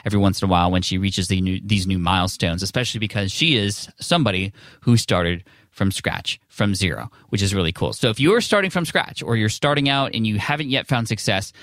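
A man's voice: fairly low pitch, a little fast, hardly any pauses, a bit bright, no echo, studio quality. A man hosting a podcast, reading an ad and introducing a guest in an upbeat, enthusiastic, conversational way. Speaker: podcast host. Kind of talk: casual podcast intro and ad read.

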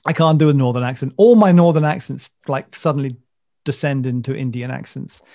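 A man hosts a casual chat, rambling from one story to the next with jokey enthusiasm. His voice has a gravelly edge. The sound is dry and slightly muffled. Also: mid-range voice, a little fast, warm tone, no echo. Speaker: podcast host.

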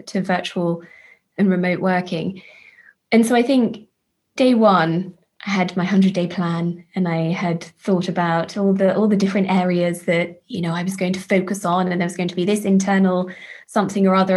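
A woman, a charity chief executive, speaking earnestly in an interview, often restarting her phrases and warming to her subject. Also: medium pitch. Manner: earnest, halting restarts, enthusiastic. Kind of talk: reflective interview talk.

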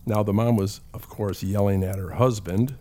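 Middle-aged male counselor, somewhat low voice, easygoing talk with stories. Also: steady tone, normal speed, mellow. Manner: conversational storytelling with acted quotes.

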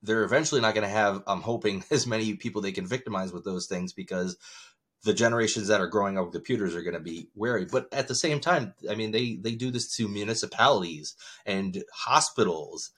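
A man's voice: fairly low pitch, fairly quick, a bit bright. A man hosting a podcast in casual chat, talking bluntly, swearing freely and rambling with restarts. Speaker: podcast host.

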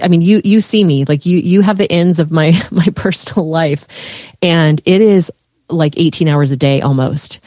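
Heartfelt low-voiced woman, dry close sound. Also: warm tone, no room sound. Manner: heartfelt, many fillers and restarts. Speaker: guest, coach. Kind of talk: emotional conversational podcast chat.

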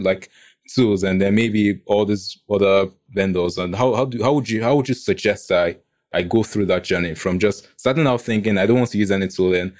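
A man's voice: lowish voice, a little mellow. A man co-hosting a podcast, asking a long, rambling question and rephrasing it as he goes. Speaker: podcast co-host. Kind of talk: interview questions.

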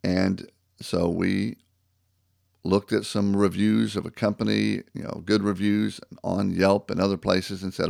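Low gravelly guy telling a church-y story, dry close sound, acts out the phone calls. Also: flat delivery, unhurried, darkish tone, no echo. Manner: storytelling, acts out phone calls, reflective when reading scripture. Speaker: speaker sharing a faith story. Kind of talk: personal testimony and devotional talk.

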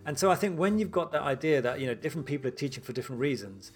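A young adult man, a doctor, chatting casually and telling stories with lively acted-out quotes. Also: medium pitch, racing. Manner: lively storyteller who acts out quoted exchanges. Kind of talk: casual podcast chat.

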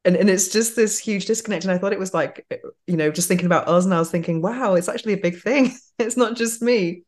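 A woman's voice: lowish voice, fast talker, a little mellow. A woman hosting a podcast, reflecting thoughtfully while she shares her own thoughts with her guest. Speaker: podcast host. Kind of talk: casual interview chat.

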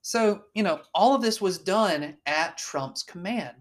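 A man's voice: high-pitched, animated, measured pace. A man co-hosting a casual political chat, blunt and swearing often, with lots of fillers and restarts. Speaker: podcast co-host.

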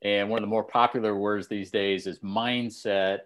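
A man co-hosting a podcast, chatting casually in an unhurried way. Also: on the low side, steady tone, a bit bright. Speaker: podcast co-host. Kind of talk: casual chat.

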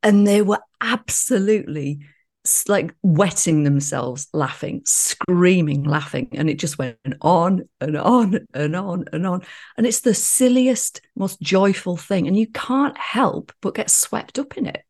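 A woman's voice: fairly low pitch, measured pace, darkish tone. A woman co-hosting a podcast, telling stories in casual chat and often laughing. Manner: chatty storytelling, laughs often. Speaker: podcast co-host.

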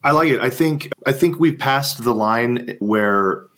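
A man's voice: medium pitch, a little slow. Wry man co-hosting a podcast. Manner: wry, gets animated when venting. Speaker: podcast co-host. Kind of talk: casual podcast chat.

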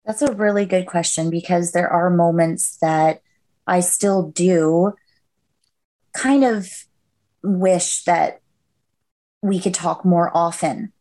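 A woman's voice: fairly low pitch, slow pace, pauses often, warm tone. A woman guest on a podcast, casually sharing her story in a reflective way and laughing at herself.

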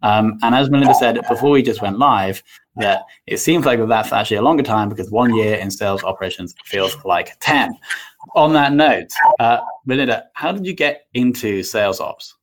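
A man's voice: mid-range voice, moderate pace, slight background noise, rough recording. A man hosting a podcast interview, talking casually with fillers and restarts. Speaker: podcast host.

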